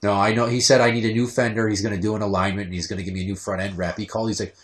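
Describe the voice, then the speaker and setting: A man hosting a casual podcast, his voice sitting on the low side. He tells stories in an animated, profane way, swinging into quick rants. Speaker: podcast host.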